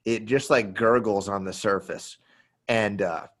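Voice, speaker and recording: A man on a podcast telling a fishing story in a casual, animated way, now and then acting out quotes. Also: measured pace. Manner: animated storyteller, acts out quotes in a high yelling voice. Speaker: podcast host and pro angler.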